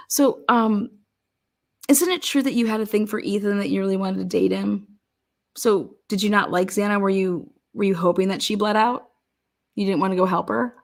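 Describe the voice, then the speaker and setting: A woman's voice: mid-range voice, brisk. A woman giving true crime commentary in a blunt, sarcastic and profane way, firing off pointed questions.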